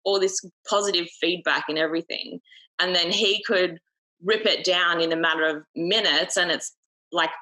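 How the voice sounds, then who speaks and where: A woman's voice: fairly low pitch, fairly even intonation, normal speed, pushed and bright, low-quality recording. A young Australian woman, a podcast guest, talking candidly in casual conversation, swearing freely and peppering her speech with fillers. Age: young adult.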